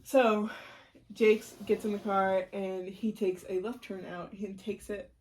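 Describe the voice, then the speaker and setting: A woman's voice: medium pitch, flat delivery, slow, darkish tone, a little hiss or hum. A young woman co-hosting a podcast, telling a story in casual chat, acting out the quotes, laughing and swearing. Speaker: podcast co-host.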